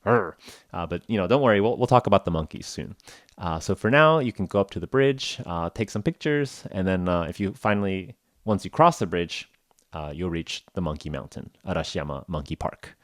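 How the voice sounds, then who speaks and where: Low-voiced, rambling podcast host. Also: male voice, expressive, brisk, no echo, clean studio sound. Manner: rambling, jokey, heavy with "like" and "uh". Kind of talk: casual chat for English learners.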